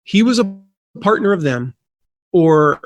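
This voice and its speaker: Chatty, animated man telling a story. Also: a little high, unhurried, no room sound, lo-fi sound. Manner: animated, chatty, with frequent fillers and restarts. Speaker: podcast guest, affiliate marketing consultant. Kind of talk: casual conversational storytelling.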